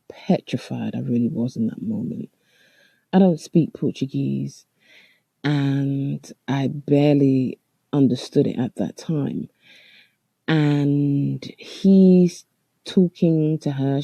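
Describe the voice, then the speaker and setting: A man hosting a travel podcast, recounting a personal story in a reflective, halting way with restarts. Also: mid-range voice, gravelly, dark tone, husky, dry recording. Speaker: podcast host. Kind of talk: storytelling monologue.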